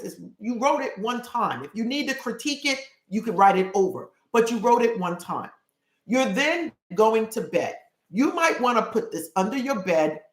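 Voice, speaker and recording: A woman coaching her live stream viewers through a spiritual ritual, earnest and quick, repeating phrases as she goes. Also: a little high, a bit bright. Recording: roomy echo.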